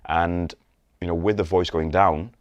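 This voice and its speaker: A man with a very low voice teaches sales in an instructional video, recorded close and dry with no room sound. He demonstrates rising, flat and falling tones in his examples. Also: measured pace, dry recording. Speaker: sales coach.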